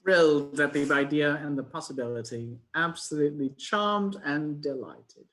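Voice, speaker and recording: A man's voice: on the high side, moderate pace, a bit bright. A man improviser on a video call with a dry, understated delivery. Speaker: improv performer. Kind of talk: online improv scene work and chat.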